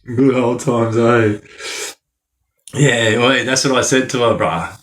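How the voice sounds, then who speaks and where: Slow, slangy man telling stories. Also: mid-range voice, steady tone, fairly bright tone. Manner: slangy, laughs often, rambling. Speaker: livestreamer. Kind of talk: casual storytelling to a live chat.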